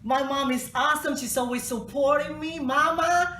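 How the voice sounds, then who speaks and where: A high-voiced woman speaks as a cheerful interview guest. She sounds set back from the mic in an echoey room with faint noise behind her. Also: normal speed, pushed and bright, distant mic. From Latin America. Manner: cheerful, laughs readily. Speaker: guest poet. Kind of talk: casual interview.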